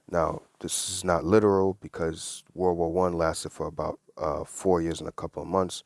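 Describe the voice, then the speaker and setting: Man, deep low voice, casual Bible study teacher, earnest conversational explaining, dry close sound. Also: fairly even intonation, moderate pace, no room sound. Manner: earnest, conversational, reads verses then explains them.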